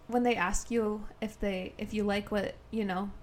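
A woman's voice: medium pitch, fairly even intonation, moderate pace, darkish tone, slight background noise. A young woman with a Midwestern American accent co-hosting a podcast, hesitant and giggly in casual chat. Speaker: podcast co-host.

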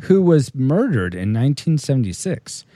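A man's voice: mid-range voice, very animated, moderate pace, warm tone, no echo. A man hosting a movie podcast, mixing casual joking chat with read-out segment intros. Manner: playful, jokey, reads segment intros. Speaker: podcast host.

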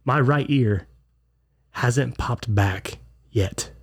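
A man's voice: medium pitch, extremely slow, slightly rough. A man co-hosting a casual podcast, stuffed up from a clogged ear, telling stories and acting out what people said. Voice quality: congested. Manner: storytelling, acts out quotes. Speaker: podcast co-host. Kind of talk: casual chat.

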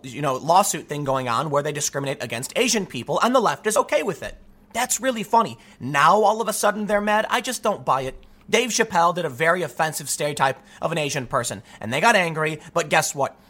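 A man's voice: fairly high pitch, bright, forceful tone. A man delivering a solo commentary monologue, arguing his point with rhetorical questions and frequent restarts. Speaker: political commentary host.

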